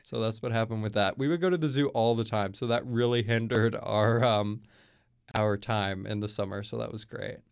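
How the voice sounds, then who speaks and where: A man's voice: on the low side, fairly even intonation, normal speed, vocal fry, clear, resonant tone. A young man from Kentucky, a college student guest, telling stories in a casual interview with lots of fillers. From Kentucky, USA. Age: young adult. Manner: chatty, storytelling, many fillers.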